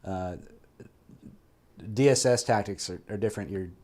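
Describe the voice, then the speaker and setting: Low-ish guy telling war stories on a podcast, lively, swears a lot, does the voices. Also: normal speed. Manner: animated storyteller who acts out quoted voices, swears freely. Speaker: guest, military veteran. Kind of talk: casual storytelling.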